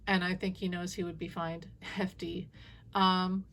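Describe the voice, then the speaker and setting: A woman giving a casual, opinionated monologue as a spiritual reader, blunt and animated, swearing freely. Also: lowish voice, a little slow, a little hiss or hum.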